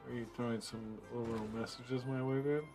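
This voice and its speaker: A man's voice: mid-range voice, steady tone, moderate pace. A man casually commentating a game stream, rambling and muttering to himself, with faint music behind him.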